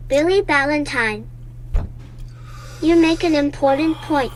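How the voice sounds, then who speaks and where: A text-to-speech woman's voice slowly reading out viewer names and chat messages in a flat way. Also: high-pitched, background noise. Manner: flat, unhurried synthetic reading.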